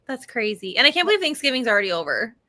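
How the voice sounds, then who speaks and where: Co-host: agreeable woman, high and bright voice, laughs easily. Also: big pitch swings. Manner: easygoing, agreeable, quick to laugh. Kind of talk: casual chat.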